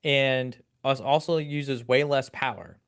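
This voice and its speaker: A man's voice: mid-range voice, slow pace, a bit bright, clear, resonant tone. Easygoing male podcast co-host. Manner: easygoing, searches for words, repeats himself. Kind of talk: casual tech chat.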